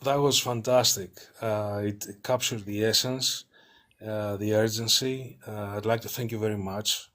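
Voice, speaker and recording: Man, author guest, hesitant, many fillers, low voice, slow. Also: steady tone, fairly bright tone. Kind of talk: interview talk.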